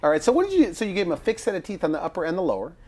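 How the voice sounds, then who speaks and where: A male interviewer from the United States asking brisk, lively questions with short acknowledgments. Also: high-pitched, a loud crowd. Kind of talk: casual interview.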